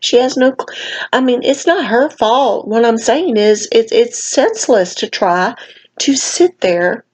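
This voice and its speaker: A woman's voice: fairly high pitch, animated, measured pace, a little mellow, slightly rough, rough recording. A tired woman giving a casual commentary rant, her speech a little slurred, folksy and emphatic with lots of "honey" and "baby". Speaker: vlogger commenting on another channel.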